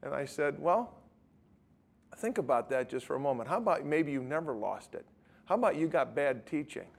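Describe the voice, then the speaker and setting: Gravelly-voiced man preaching a story. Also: on the high side, expressive, moderate pace. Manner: conversational storytelling, acting out both sides of a dialogue. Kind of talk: sermon with retold street-evangelism story.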